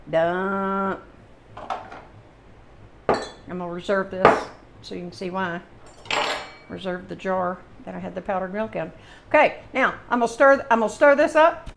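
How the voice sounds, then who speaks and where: A woman with a Southern American accent, host of a home cooking channel, casually demonstrates a dish in her kitchen. Her mid-range voice shows vocal fry, and there's a little hiss or hum in the background. She's from the Southern United States and chats with folksy, rambling asides.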